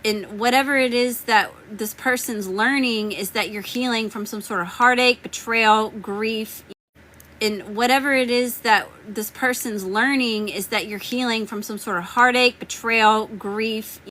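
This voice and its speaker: A woman with a Southern US accent reads tarot live, chatting and greeting her viewers. Her voice sits a little high and sounds bright and sharp. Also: fairly even intonation, a little slow, poor audio. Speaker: tarot reader.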